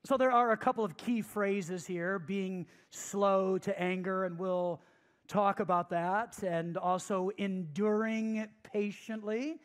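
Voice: medium pitch, steady tone, slow. A pastor teaching a sermon who leans hard on key phrases, repeats them and puts questions to the listeners.

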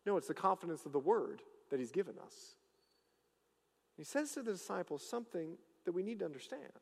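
Pastor, male, high and very lively delivery, emphatic sermon style, long church-hall reverb. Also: fairly quick, gravelly. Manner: emphatic preaching, rising and falling between loud declarations and hushed asides.

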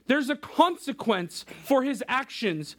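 A man's voice: very high voice, very animated, takes it slowly. A man in his thirties preaching a casual, conversational sermon as a youth pastor, addressing the crowd directly.

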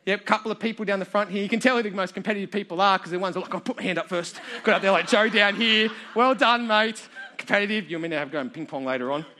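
A man's voice: sits high, quick pace, bright, forceful tone. An Australian man preaching to a live audience, telling a funny childhood story with self-mocking humour.

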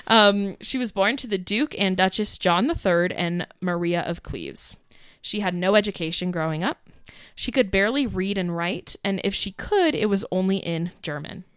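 A woman's voice: mid-range voice, moderate pace, hardly any pauses, clear, resonant tone, no room sound, clean studio sound. A young woman casually telling a history story as co-host, chatty with fillers and giggles. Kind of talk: casual chat.

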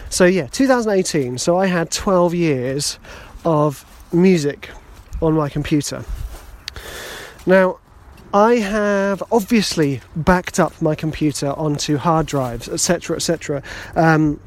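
Hosting his podcast alone, this British English speaker spins a meandering, self-deprecating yarn in a relaxed, chatty way. His voice sits fairly high and his pace is unhurried.

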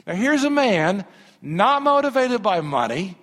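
Pastor guy preaching, gets loud then goes quiet, big hall echo. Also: high voice, normal speed. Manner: animated preaching, swings from hushed to loud. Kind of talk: sermon. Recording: long hall reverb.

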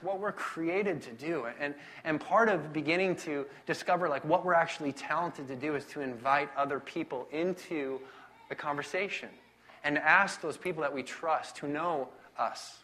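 A pastor delivers a relaxed sermon full of personal stories, poking fun at himself as he goes. His voice is bright and ringing, sitting a little higher than most men's. He talks in a loose, conversational, animated way. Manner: self-deprecating, conversational, animated storytelling.

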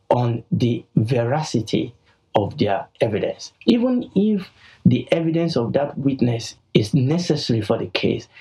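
A Nigerian man and podcast host giving an emphatic Bible teaching, slowing down to stress key words, on a poor-quality recording. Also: mid-range voice, dark tone, breathy edge.

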